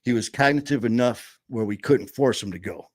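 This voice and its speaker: A man's voice: medium pitch, moderate pace, no echo. A middle-aged man bluntly telling his personal recovery story to a group, with some casual swearing. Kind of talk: personal testimony talk.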